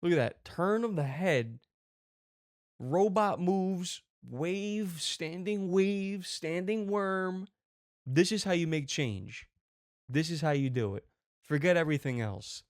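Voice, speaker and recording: Excitable man riffing on a clip. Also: on the high side, measured pace, no echo, studio quality. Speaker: comedy commentary host. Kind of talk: comic video reaction commentary.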